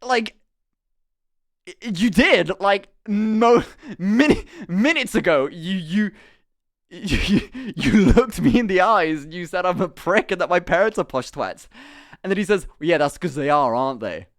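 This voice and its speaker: A young man telling a story casually on a live stream, animated and quick to laugh, swearing freely. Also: high-pitched.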